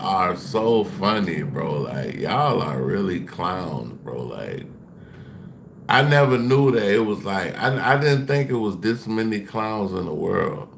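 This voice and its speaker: A man's voice: low voice, big pitch swings, slow pace, gravelly, a little hiss or hum. A man on a casual livestream, taunting and dismissing his chat while repeating himself.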